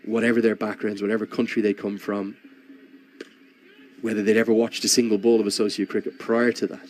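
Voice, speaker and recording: A low-pitched man commentates live on cricket from the box, drifting into a chatty, rambling story full of restarts. Faint crowd noise sits behind his voice. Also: level tone, a little fast, a little mellow.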